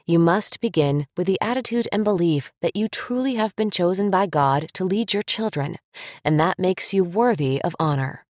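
A mother narrating a parenting book in a steady, firm, instructive way. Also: fairly low pitch, no room sound, clean studio sound.

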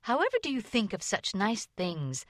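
Woman reading a lively little girl, all exclaiming and eager, dry close sound. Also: medium pitch, moderate pace, no echo, lightly acted. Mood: delighted.

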